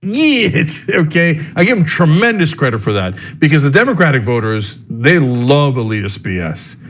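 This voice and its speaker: A man's voice: fairly high pitch, big pitch swings, moderate pace, a bit bright, a little hiss or hum. A man giving opinionated political commentary, emphatic and sarcastic. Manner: emphatic, sarcastic, mimics people.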